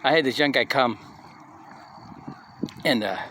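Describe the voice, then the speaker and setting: A man's voice: medium pitch, unhurried, sharp tone, slight background noise. A middle-aged man giving a casual motivational talk, telling personal stories in a loose conversational way and often checking in with "right?". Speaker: speaker at a community live session.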